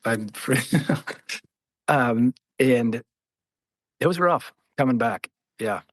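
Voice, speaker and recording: A man in his forties, a former Marine guest, telling war stories in casual conversation, animated and laughing as he acts out quoted voices. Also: mid-range voice, drawn-out words. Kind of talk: conversational storytelling.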